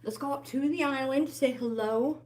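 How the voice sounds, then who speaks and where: A woman's voice: high-pitched, moderate pace, darkish tone. A middle-aged woman hosting a live walking workout, chatty and encouraging, greeting viewers by name and slightly out of breath. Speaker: fitness livestream host. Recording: roomy indoor echo.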